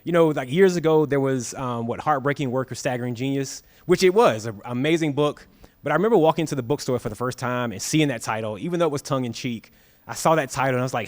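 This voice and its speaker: A man's voice: medium pitch, fast talker. A man, an author at a live bookstore event, telling anecdotes and acting out the quoted dialogue. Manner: lively storyteller, acts out quoted dialogue. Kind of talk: storytelling at a live book talk. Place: bookstore stage before an audience.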